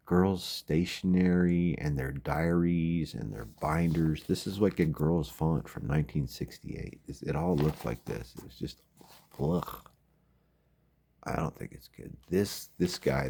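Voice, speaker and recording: A man's voice: very deep voice, vocal fry, dark tone, slightly rough. A man giving rambling, wry late-night commentary at home as a vlogger. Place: home at night, windows open.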